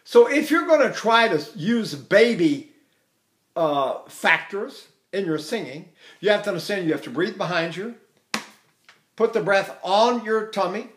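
An older man teaching singing technique, talking in an animated way, showing vocal sounds and chuckling as he explains. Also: high-pitched, unhurried.

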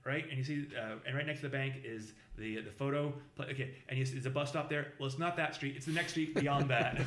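A man spins a long story in casual chat, stumbling through fillers and restarts and slipping into the voices of the people he quotes. His voice sits at an ordinary middle pitch. The room around him is echoey. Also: fairly even intonation, quick pace, few pauses, fairly bright tone. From Boston, USA. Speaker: podcast guest telling a travel story.

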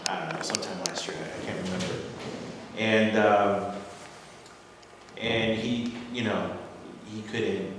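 A man in the audience tells a personal story casually. He rambles, with many fillers and restarts, and he turns animated when he quotes others. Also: lowish voice, measured pace, pauses often. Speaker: audience member sharing a story. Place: assembly hall. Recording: distant echoey hall recording with clear room noise.

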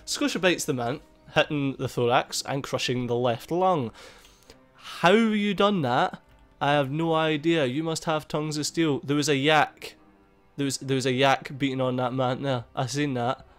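Sweary man commenting on gameplay. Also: medium pitch. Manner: swears a lot, excitable, laughs at the game. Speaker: gaming YouTuber. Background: faint game music.

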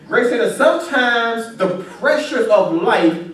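A man's voice: very high-pitched, animated, a little slow, fairly bright tone. A man preaching a sermon in a church, emphatic and building to crying out as the congregation answers. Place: church sanctuary. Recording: very echoey church from a distance.

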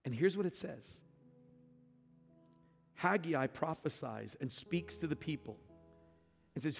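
A man preaching a sermon to his church, moving from quiet asides to loud shouted climaxes. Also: on the high side. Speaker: pastor. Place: large church sanctuary. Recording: reverberant large hall with music behind.

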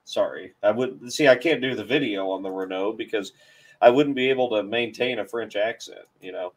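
A man's voice: lowish voice, moderate pace. A man hosting a car channel's live stream, chatting casually in a rambling, hesitant, self-deprecating way.

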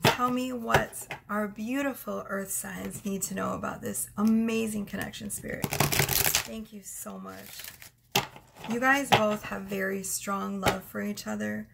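A woman's voice: medium pitch, level tone, takes it slowly, vocal fry, very noisy. A young woman giving a casual tarot reading, effusive and emotional as she reads out cards. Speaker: tarot reader.

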